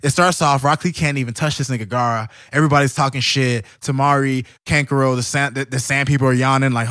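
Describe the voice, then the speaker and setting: Young male podcast co-host, fired-up storyteller, slangy, slightly high voice, dry close sound. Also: quick pace, few pauses, no room sound. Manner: excited storytelling, heavy swearing and slang. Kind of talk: casual chat.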